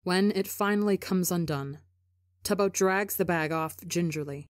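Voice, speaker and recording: Woman reading a story, low and dry. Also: moderate pace, dry recording. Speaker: podcast reader. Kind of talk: reading fan fiction aloud.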